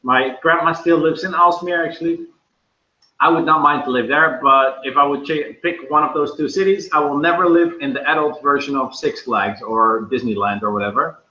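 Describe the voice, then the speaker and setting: A Dutch man, native Dutch speaker, hosting a casual livestream in English and talking loudly and animatedly. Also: a little high, moderate pace. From Netherlands. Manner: loud, animated storytelling. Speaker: livestream host. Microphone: computer microphone. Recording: echoey room, dull lo-fi sound.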